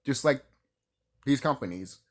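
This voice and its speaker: A male YouTuber rants casually to camera about video games in a medium-pitched, animated, unhurried voice that swings around. He's sarcastic, heated, and fired up, swearing a lot and repeating himself.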